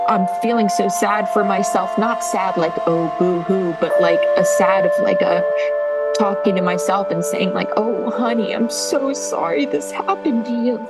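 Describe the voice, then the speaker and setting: A woman in tears, telling a painful personal story in halting speech full of pauses and restarts. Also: medium pitch, low-quality recording. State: crying. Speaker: interviewee telling her story. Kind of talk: emotional personal testimony.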